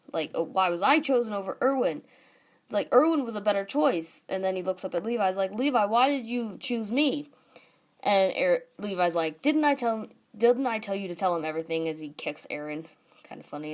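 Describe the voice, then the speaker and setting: A young woman casually recapping and ranting about a manga chapter, full of "like" and quoted lines. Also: lowish voice. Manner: chatty, says "like" a lot, reads quotes aloud. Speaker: manga reviewer.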